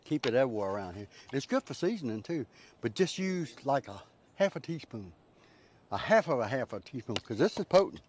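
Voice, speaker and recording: A man's voice: mid-range voice, sing-song, fairly quick. Man cooking outside, folksy and chatty, faint noise behind him. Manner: folksy, chatty, talks to viewers as "y'all". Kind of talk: casual cooking video narration. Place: outdoors.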